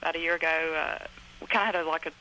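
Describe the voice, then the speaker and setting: A woman in her twenties with a Southern US accent, calling in to a radio show and telling her story hesitantly, full of ums and pauses. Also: low-pitched, fairly even intonation, sharp tone. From Florida, USA. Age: 20s. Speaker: caller. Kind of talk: call-in radio confession. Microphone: telephone. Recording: thin phone line with faint hiss.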